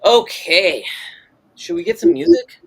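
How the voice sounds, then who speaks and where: Lively rambling male stream host. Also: very high-pitched, measured pace, creaky, breathy edge. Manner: rambling, reads chat messages aloud. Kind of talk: casual chat while drawing.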